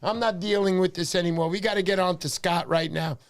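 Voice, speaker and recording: Loud hyped male livestream host. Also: high voice, steady tone, fairly quick. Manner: loud, hyped, shouting cheers. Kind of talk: excited casual livestream chat.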